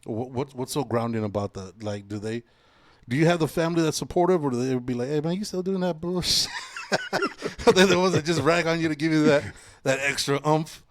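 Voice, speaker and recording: A man in his forties hosting a podcast, telling stories in a casual, profane, animated way. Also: mid-range voice, a little fast. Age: 40s. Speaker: podcast host. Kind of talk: casual chat.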